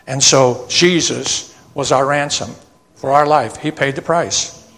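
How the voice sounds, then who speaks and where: A man preaching a sermon, reading old scripture verses slowly and then explaining them in plain asides that end with "okay?". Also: medium pitch, gravelly, a bit bright. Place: church sanctuary. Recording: long church reverb.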